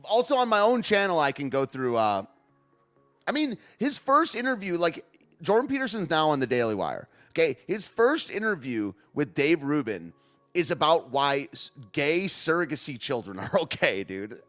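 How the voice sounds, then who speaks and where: A man's voice: fairly high pitch, very animated, moderate pace, fairly bright tone, soft background music. A man hosting a podcast, talking in a sarcastic, rambling way and laughing at himself. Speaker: podcast host. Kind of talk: casual political podcast rant.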